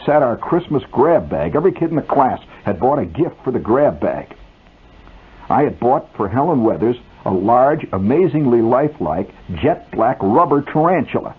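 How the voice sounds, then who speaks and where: A man's voice: lowish voice, husky. A man reading his own story aloud on the radio in a wry, vivid, mock-dramatic style, on a tinny old aircheck.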